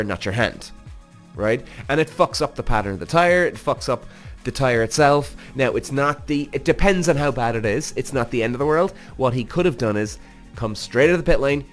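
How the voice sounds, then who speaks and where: A mid-pitched man talks straight to his listeners, swearing and getting worked up as he reacts to a motorsport documentary. Faint music sits underneath his voice. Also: brisk. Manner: animated, swears freely, talks straight to the audience as "guys". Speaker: podcast host, former racing driver. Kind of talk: casual reaction commentary.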